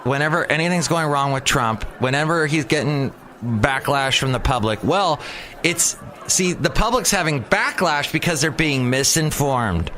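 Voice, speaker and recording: A man's voice: fairly high pitch, normal speed. A man hosting his own daily podcast, rambling through a comedic monologue with lots of restarts and asides. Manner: rambling, animated, self-interrupting. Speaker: podcast host. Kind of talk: comedic monologue with character voices.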